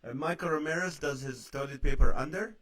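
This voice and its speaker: A man with a fairly high voice hosts a live stream, greeting viewers by name and reading their comments aloud. His chat is loose and joking, with quick asides and laughter between lines. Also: fairly bright tone. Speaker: host of a live stream show.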